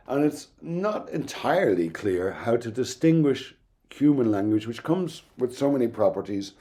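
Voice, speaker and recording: A middle-aged man giving a recorded university lecture in an explanatory, thoughtful way, pausing now and then with "um". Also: mid-range voice, mellow. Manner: explanatory, thoughtful, with occasional ums and restarts.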